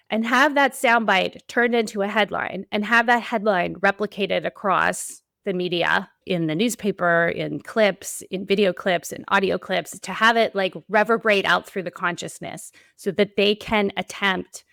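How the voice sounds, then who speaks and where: Gravelly-voiced woman podcast host. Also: mid-range voice, fairly bright tone, dry recording, clean studio sound. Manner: earnest, emphatic, repetitive build-ups. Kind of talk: solo podcast monologue.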